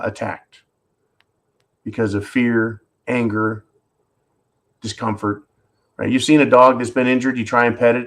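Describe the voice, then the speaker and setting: Male livestream host, mid-pitched, blunt and profane, ranting commentary. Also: fairly bright tone.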